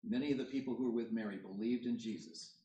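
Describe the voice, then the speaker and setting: A man's voice: mid-range voice, quick pace, dark tone, slight background noise. A man preaching a sermon in a church hall, moving between reading scripture and explaining it. His voice rises to drive each point home. He is heard from a distance, and the room's echo surrounds his words. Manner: reads scripture aloud then explains it, rising emphasis on key points. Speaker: pastor. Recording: roomy echo, voice from far off the mic.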